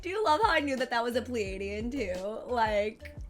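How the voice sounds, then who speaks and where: A woman hosting a podcast, talking in an excited, casual way and swearing freely. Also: fairly high pitch, normal speed, over music. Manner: enthusiastic, swears, talks about spirituality. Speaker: podcast host. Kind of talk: casual chat.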